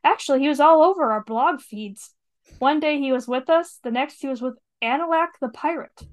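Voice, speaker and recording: A woman's voice: sits high, moderate pace, voice pushed up, natural voice. A woman reading aloud the lines of a kindly unicorn in a storybook. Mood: earnest. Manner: read aloud casually from a script.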